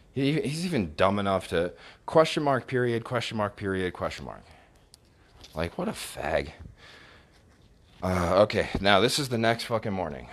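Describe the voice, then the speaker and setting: A very deep-voiced man vents in a casual storytime rant, swearing constantly with open scorn. He stumbles and restarts his sentences again and again. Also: a bit bright. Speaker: vlogger recounting text messages.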